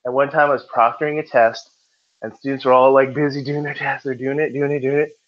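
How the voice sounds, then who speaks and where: A man's voice: medium pitch, little pitch movement, fairly quick. A man tutoring a class for a test, chatting and joking with his students in a classroom. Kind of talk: classroom teaching. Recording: dull lo-fi classroom recording.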